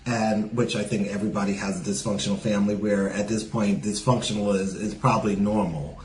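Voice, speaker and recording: A man's voice: on the low side, fairly even intonation, brisk, reverberant, a little hiss or hum, low-quality recording. A man with a New York accent tinged with Southern sounds, a stand-up comic chatting as a podcast guest with many "you know" fillers. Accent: New York with a Southern lilt. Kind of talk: casual podcast interview.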